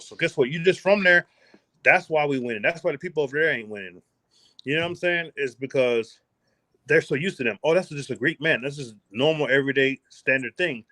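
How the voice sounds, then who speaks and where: A man from the United States, a podcast guest and travel vlogger, talking in a casual interview with boastful, animated, slangy storytelling. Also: fairly high pitch, no room sound.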